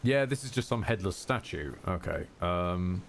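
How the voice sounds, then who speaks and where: A man's voice: deep voice, expressive, moderate pace, slight background noise. A man streaming a game live, talking to himself with sarcastic, jokey commentary. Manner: sarcastic, jokey self-talk.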